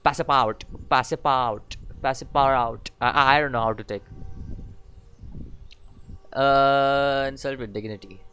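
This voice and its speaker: A man playing a story game, mixing casual commentary with halting read-aloud of the game's text, often stumbling and restarting. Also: mid-range voice, bright, forceful tone, clean tone, lo-fi sound. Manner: halting reading with frequent fillers and restarts. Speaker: gaming channel host.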